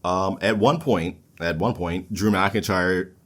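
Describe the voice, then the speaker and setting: A man with a lowish voice talks through wrestling matches at an unhurried, drawn-out pace. He sounds laid-back and swears casually, chuckling at his own stumbles. The delivery suits a casual podcast recap. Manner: laid-back, profane, laughs at himself. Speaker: podcast host.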